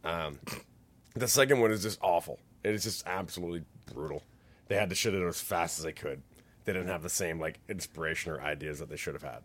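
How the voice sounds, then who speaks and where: A man's voice: low voice, fairly quick, fairly bright tone. A man co-hosting a podcast, chatting casually and rambling with many fillers. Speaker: podcast co-host. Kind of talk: casual chat.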